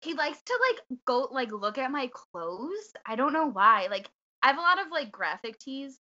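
Chatty woman guest, bright voice. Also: high voice, sing-song, normal speed, lo-fi sound. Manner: chatty, many fillers, laughs often. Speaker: podcast guest. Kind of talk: casual chat.

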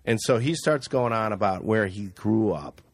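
A man speaking at a middle pitch, with lots of rise and fall in his voice, tells a funny story in a casual chat. He laughs often and swears freely, and the recording sounds close and dry. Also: animated, moderate pace, dry recording.

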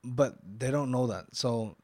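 A man hosting a casual podcast chat, chatty and quick to chime in with "yeah" while telling anecdotes. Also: medium pitch, a little mellow, dry recording. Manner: chatty, back-channels "yeah" a lot, drops into quoted anecdotes.

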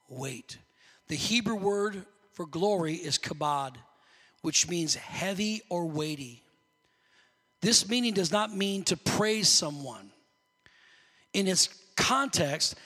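A pastor preaches with fervor, his voice striking for a man in how high it sits. His tone is bright and forceful, often climbing into shouts. It rings out with the long reverb of a large hall. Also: animated, takes it slowly, pauses often, slightly rough. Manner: impassioned preaching, rising to shouts. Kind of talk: sermon.

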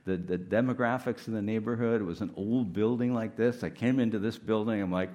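A man's voice: on the low side, fairly quick, few pauses, darkish tone. Candid, filler-heavy male guest preacher. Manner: candid, self-deprecating, many "like" fillers. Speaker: guest speaker. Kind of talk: conversational sermon.

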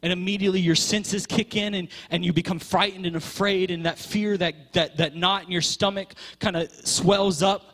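A man's voice: high voice, steady tone, moderate pace, few pauses, a bit bright. A man preaching a sermon with passion, stretching key words and repeating phrases for emphasis.

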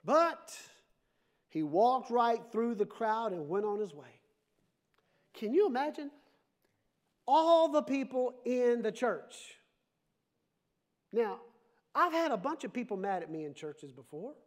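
Male pastor, very high voice, lively sermon with humorous asides. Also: slow, long pauses. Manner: animated preaching with playful asides.

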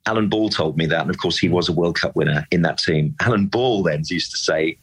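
A man with a very low, husky voice holds forth with real passion, driving his points home and circling back for emphasis. He sounds like a lifelong fan arguing his case in a relaxed discussion. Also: fairly quick, poor audio. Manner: animated, emphatic, repeats words when worked up. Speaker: football pundit and club fan. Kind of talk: impassioned casual discussion.

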